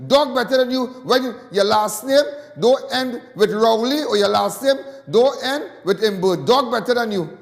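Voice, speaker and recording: A man's voice: very high-pitched, moderate pace, gravelly, in a large hall. A Trinidadian man calling in to a talk show, ranting with passion and repeating his points indignantly. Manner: impassioned, repetitive, indignant. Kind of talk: call-in talk radio rant.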